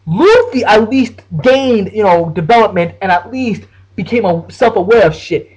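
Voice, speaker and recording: A man with a high, husky voice rants about his favorite anime battles. He talks casually and excitably, swears freely, and keeps restarting sentences. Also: moderate pace, hardly any pauses, low-quality recording. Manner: excitable, profane, full of slang and restarts. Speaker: anime reviewer. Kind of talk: casual anime rant to the camera.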